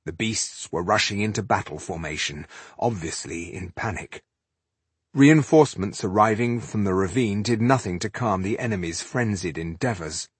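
A man narrating a fantasy novel as an audiobook in a steady, measured storytelling manner. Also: on the low side, slightly rough, dry recording.

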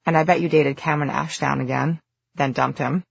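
A woman's voice: deep voice, steady tone, brisk, vocal fry, husky, no echo, lo-fi sound, exaggerated voice. An audiobook reader voicing a cheerful, nosy teenage girl who chirps teasing questions. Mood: teasing bright.

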